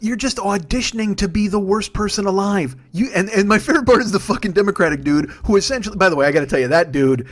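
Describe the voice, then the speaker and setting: A man's voice: high voice, animated, fast. Sweary male comedian on an angry rant. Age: 40s. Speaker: comedian podcast host.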